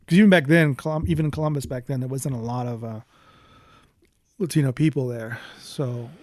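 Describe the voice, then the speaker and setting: A man who is an art professor, a guest on a podcast, talking in a casual, halting way full of "you know.". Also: medium pitch, darkish tone, no room sound, clean studio sound. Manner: halting, leans heavily on "you know" fillers. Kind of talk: casual interview talk.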